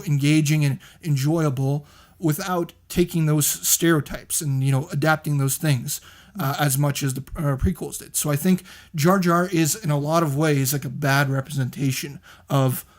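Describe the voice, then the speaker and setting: A man with a somewhat high voice talks through his point on a casual podcast. He is measured and thoughtful, pausing often on hesitation sounds. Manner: measured, many uh fillers. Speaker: podcast co-host.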